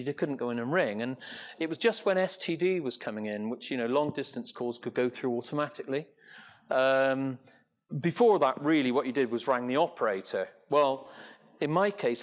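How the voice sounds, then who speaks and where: An older man from England telling a long story to an audience as an entrepreneur speaker, rambling, with many fillers and restarts. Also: medium pitch. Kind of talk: anecdotal talk to an audience.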